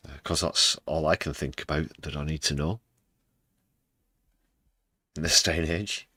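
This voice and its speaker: A British man hosts a live news stream with casual commentary, dry and sarcastic, occasionally faking emotion. He has a bass voice with a steady, sharp tone, speaks a little slowly, and is recorded dry.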